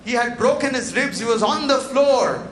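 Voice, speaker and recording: High-voiced man telling a motivational story. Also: animated, normal speed. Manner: dramatic storyteller, acts out dialogue. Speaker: motivational speaker. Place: large event hall. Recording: echoey hall with faint noise.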